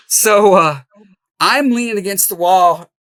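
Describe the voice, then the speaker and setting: A middle-aged man telling a story as an interview guest, animated and laughing as he goes. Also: high-pitched, takes it slowly, no room sound. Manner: animated, laughs through the tale. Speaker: podcast guest, house flipper.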